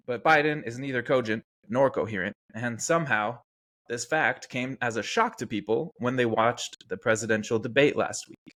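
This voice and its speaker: A man's voice: medium pitch, fairly bright tone. Sarcastic man hosting commentary. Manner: sarcastic, chuckling often. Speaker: podcast host. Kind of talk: casual political commentary.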